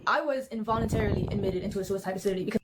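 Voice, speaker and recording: A woman's voice: medium pitch, racing, noisy background. A young woman reading a prepared statement in a formal, earnest way.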